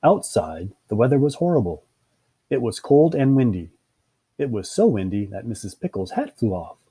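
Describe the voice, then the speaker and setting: A man reads a children's picture book aloud, his voice rising and falling in a lively sing-song. His tone is warm and mellow with a slight husky grain, and he gives each line an expressive storytelling lilt. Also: medium pitch, moderate pace. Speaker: storybook reader.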